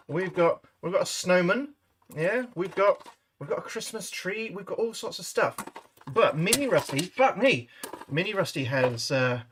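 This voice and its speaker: A British man hosts a casual cooking livestream from his home kitchen, chatting to viewers and swearing freely. His voice is a little high, with slight background noise.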